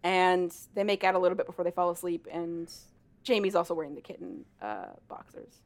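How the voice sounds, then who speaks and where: Animated woman retelling a story. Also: on the low side, a little fast. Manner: animated, acts out characters' lines with swearing and laughter. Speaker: podcast co-host. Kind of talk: casual chat retelling a story.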